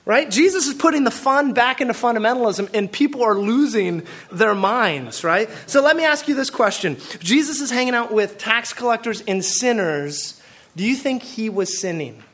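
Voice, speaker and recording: A man from the Pacific Northwest of the US preaching a sermon as a pastor, animated and full of rhetorical questions. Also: extremely high pitch, normal speed, hardly any pauses.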